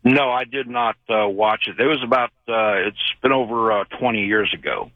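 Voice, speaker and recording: A man's voice: fairly low pitch, big pitch swings, moderate pace, creaky, no echo. A man calling into a late-night radio show, telling a long rambling story with many fillers. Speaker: caller. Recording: tinny phone line.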